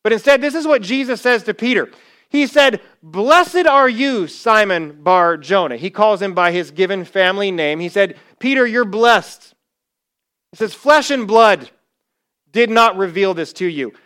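A man preaches a sermon in a lively storytelling manner, acting out the quoted lines as he goes. His voice sits high and sounds bright and forward. It comes through clean and smooth. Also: normal speed. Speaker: pastor.

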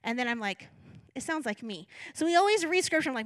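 A woman's voice: fairly high pitch, lively intonation, quick pace, a bit bright, no room sound. A woman pastor giving a conversational sermon, reading scripture and acting out her own thoughts with self-deprecating asides.

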